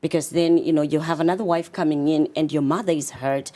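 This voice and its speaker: Interview guest: Zimbabwean-accented woman, low pitch, brisk and animated coach. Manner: animated, fast with many fillers. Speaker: guest, confidence coach and author. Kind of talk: casual interview talk.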